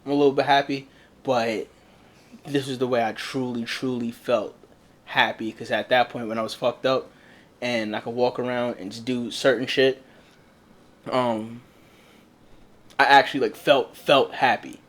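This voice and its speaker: A young man talks openly and bluntly, swearing freely as he recounts his own hard times. He tells it in an animated, conversational way at a middle pitch. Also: measured pace, long pauses. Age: young adult. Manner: blunt, profane, animated storytelling. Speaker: podcast co-host. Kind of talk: casual candid chat.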